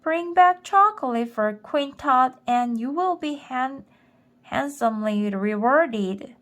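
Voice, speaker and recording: A woman voicing a bossy, greedy giant ant queen with a loud, raspy voice, shouting her demands in a storybook reading. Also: mid-range voice, slow. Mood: delighted. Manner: imperious, shouting, childish demands.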